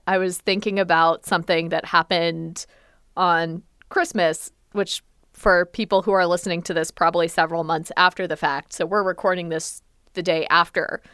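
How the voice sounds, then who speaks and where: Young woman, smooth clear voice, dry close sound, wry animated podcast chat. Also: fairly low pitch, no echo. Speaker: podcast co-host. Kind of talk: casual chat.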